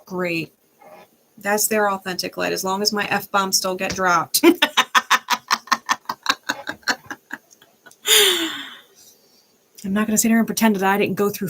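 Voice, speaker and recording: A young adult woman delivers a fired-up, unscripted monologue, swearing freely and talking bluntly. Her voice has a gravelly, fry-edged texture at a middle pitch. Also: slight background noise. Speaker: tarot reader.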